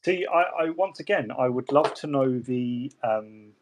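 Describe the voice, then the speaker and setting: A hobby stream host chats casually while model painting at his desk, rambling and joking with plenty of restarts and asides. His medium-pitched voice is lively and a little slow, with slight hiss or hum in the recording.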